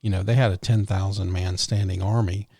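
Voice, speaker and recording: Low-voiced man, eager storyteller. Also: fairly even intonation, a little fast, creaky, dark tone, dry recording, clean studio sound. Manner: enthusiastic, tosses in "you know" often. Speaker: podcast co-host. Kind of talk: casual storytelling chat.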